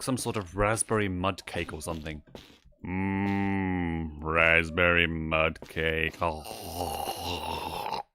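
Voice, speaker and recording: A man's voice: lowish voice, a bit bright, slight background noise. A man voicing a flamboyant male owl demon prince, playing a block-building game on stream in a theatrical, sing-song manner. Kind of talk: in-character let's-play stream.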